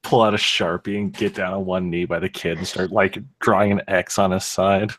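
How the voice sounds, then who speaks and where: Low-voiced man with deadpan dark humor. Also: normal speed. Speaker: stream co-host. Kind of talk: casual chat.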